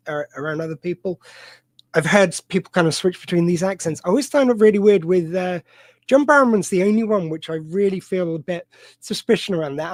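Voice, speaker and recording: A man's voice: fairly high pitch, no room sound. A man hosting a live stream, chatting casually with many fillers and side tangents. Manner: rambling, digressive, many fillers and restarts. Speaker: podcast host.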